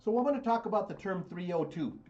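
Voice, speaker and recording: Guy ranting politics on radio, kinda high voice, dull lo-fi sound, blunt and mocking. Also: animated, fast, darkish tone.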